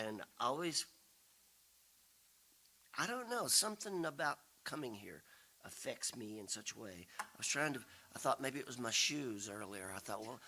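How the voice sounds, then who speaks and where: A man's voice: mid-range voice, sharp tone. A man, telling rambling, self-deprecating family stories to a congregation and acting out the voices he quotes. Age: 60s. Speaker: guest speaker and folk singer. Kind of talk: storytelling talk to a congregation. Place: spiritual center, broadcast live.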